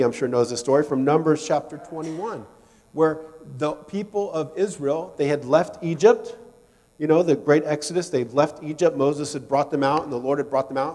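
Male pastor with a slightly high voice, a conversational sermon delivery, and long church reverb. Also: a little mellow. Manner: conversational, asks questions of the congregation.

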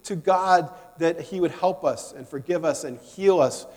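A man's voice: a little high, moderate pace, darkish tone, natural voice. Man doing a complaining crowd of desert wanderers, pleading and wailing, in a reverberant hall. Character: desperate grumbling crowd of wandering people.

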